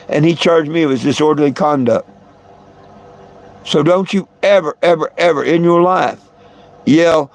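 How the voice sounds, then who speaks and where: A man's voice: a little high, normal speed, creaky. A man hosting a live stream, telling a long story in a rambling way and repeating his words. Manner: rambling, repeats words, chuckles between lines. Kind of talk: casual storytelling to viewers.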